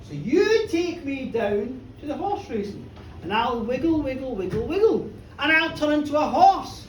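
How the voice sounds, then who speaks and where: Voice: high voice, sing-song, normal speed, a little hiss or hum. A storyteller voicing a cheeky shapeshifting peasant boy, coaxing and scheming, told live in a bar. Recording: roomy, distant live bar recording.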